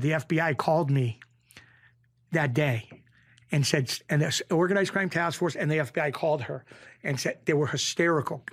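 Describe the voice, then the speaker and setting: A middle-aged man, a podcast guest telling rough street stories in a casual, animated way that keeps circling back on itself. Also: fairly high pitch. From Springfield, Massachusetts. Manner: animated storyteller, rough street talk, repeats himself. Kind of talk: casual storytelling.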